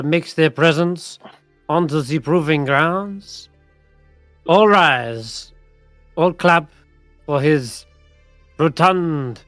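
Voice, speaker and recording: A pompous herald makes a slow, grandiose proclamation, as a game master puts him on. His voice is pitched up and sits dry and close over faint music. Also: fairly bright tone, no room sound. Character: pompous male herald announcing a king.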